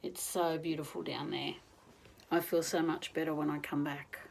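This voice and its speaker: A woman doing an oracle card reading in a gentle, reflective, encouraging manner. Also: sits low, fairly even intonation, moderate pace, gravelly, a little hiss or hum, rough recording. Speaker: spiritual card reader.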